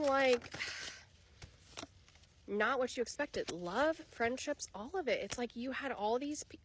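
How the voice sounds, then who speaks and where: A woman's voice: mid-range voice, a little hiss or hum. Blunt, swearing woman tarot reader. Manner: casual, blunt, swears freely; animated, bursts of laughter and acted asides. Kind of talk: channeled tarot reading, addressing viewer.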